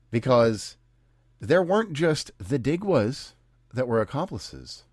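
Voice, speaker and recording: A man's voice: medium pitch, big pitch swings, slow pace, darkish tone, slightly rough, dry recording, clean studio sound. An American man hosting a podcast, talking in a casual, sarcastic and indignant way. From United States. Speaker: podcast host. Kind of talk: casual chat.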